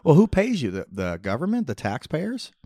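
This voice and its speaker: Animated storyteller man, dry close sound. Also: a little high, moderate pace, no echo. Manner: animated storyteller, acts out quoted voices. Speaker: podcast co-host. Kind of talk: casual comedic chat.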